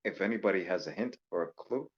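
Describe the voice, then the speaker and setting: A Louisiana man calls in to a stream with a low, breathy voice, talking fast and joking around with plenty of fillers. It's casual call-in chat, and the voice-call mic gives it a lo-fi sound.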